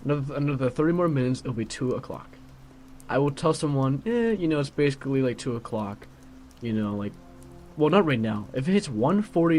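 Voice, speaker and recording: A man's voice: mid-range voice, a little mellow, a little hiss or hum. Grumbling teen guy rambling with filler. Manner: grumbling, filler-heavy with constant "like". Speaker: vlogger. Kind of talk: casual rambling monologue.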